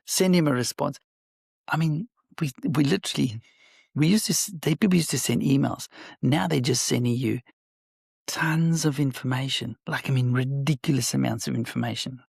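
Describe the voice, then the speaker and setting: A man, a business owner and guest on an interview podcast, telling stories in an animated way and acting out quoted dialogue. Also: mid-range voice, moderate pace, creaky, husky, no echo, studio quality. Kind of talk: conversational interview.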